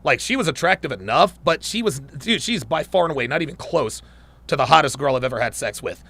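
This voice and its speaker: A man's voice: fairly high pitch, expressive, a little fast, creaky, sharp tone. A man hosting a live stream, reading viewer comments and answering with crude, joking banter. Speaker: livestream host reading chat. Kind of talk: casual livestream chat.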